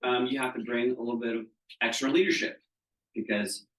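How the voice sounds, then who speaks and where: A man's voice: mid-range voice, steady tone, brisk, fairly bright tone. Man coaching a group in a roomy hall. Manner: conversational, checks in with the audience. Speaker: business coach. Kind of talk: live training talk to a group. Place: training seminar room. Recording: roomy room, mic at a distance.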